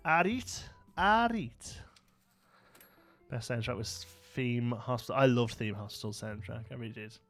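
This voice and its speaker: Male streamer, casual rambling commentary while playing, mid-pitched voice. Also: level tone, fairly quick, hardly any pauses, soft background music. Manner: chatty and rambling, chats with viewers. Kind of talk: live gameplay commentary.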